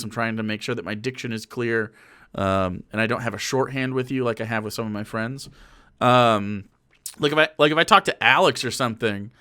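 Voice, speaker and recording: A man streaming casual commentary into a microphone, loose and profane, swinging between muttered asides and loud rants. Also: mid-range voice.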